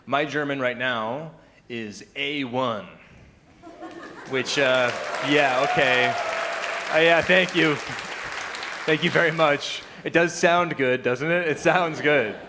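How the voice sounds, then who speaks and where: A man talks through a stand-up comedy set in a loose, conversational way, chuckling at his own jokes and slipping into mock voices for the people he quotes. The voice sits at a middle pitch, with a faint hum of noise behind him. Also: slow pace, a crowd in the background. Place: live comedy venue with audience.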